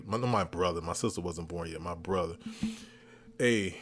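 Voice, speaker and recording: A man hosting a podcast, telling a comic story with lively re-enactments of his own reactions. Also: sits low, normal speed, slight background noise. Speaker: podcast host. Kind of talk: comedic storytelling.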